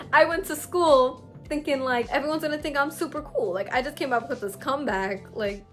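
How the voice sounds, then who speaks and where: A young adult woman telling a story-time vlog in a slangy, animated way, with big swings in loudness. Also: high voice, moderate pace, faint music behind. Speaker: vlogger.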